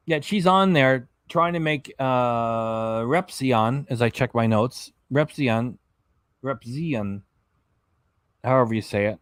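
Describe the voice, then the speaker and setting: In clean, dry studio sound, a man with a medium-pitched voice talks a little slowly. The reaction channel host is tired and keeps yawning as he casually reads his live chat, tripping over names along the way.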